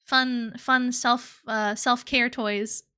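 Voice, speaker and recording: A woman's voice: a little high, steady tone, takes it slowly, bright, forceful tone, clear, resonant tone. A young woman streaming live, chatting casually and playfully with her chat, giggling and slipping into cutesy baby talk. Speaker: VTuber streamer.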